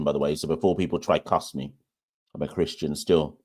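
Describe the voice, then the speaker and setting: A man's voice: sits low, fairly even intonation, a little fast, darkish tone. A young man hosting a live cricket watchalong, chatting casually to viewers in a loose, self-deprecating way. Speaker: podcast host.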